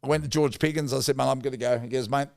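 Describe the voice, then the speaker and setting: A man's voice: medium pitch, fairly even intonation, rapid-fire, vocal fry. A man in his fifties with an Australian accent, a former footballer telling blunt, slangy stories as a guest in a casual interview. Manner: blunt, laddish yarn-telling with slang and swearing. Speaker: guest, former rugby league player.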